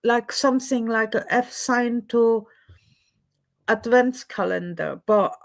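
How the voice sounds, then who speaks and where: A woman's voice: on the high side, slow, gravelly. A woman hosting a casual livestream chat, talking with many fillers and restarts. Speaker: livestream host. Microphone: computer mic on a livestream.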